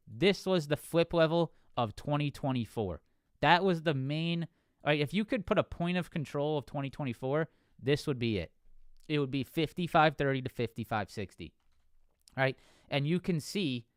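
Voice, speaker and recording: A man's voice: fairly high pitch, clear, resonant tone, dry recording, studio quality. Man calling levels on a live stream. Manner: conversational, peppers talk with "right?". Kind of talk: casual live-stream market analysis.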